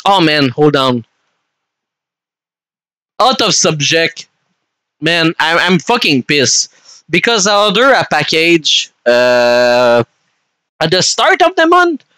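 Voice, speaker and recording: A man's voice: fairly high pitch, big pitch swings, takes it slowly, long pauses, bright, forceful tone, smooth, dry recording, rough recording. A young man from Canada, chatting casually and swearing freely as he streams a game and answers his chat.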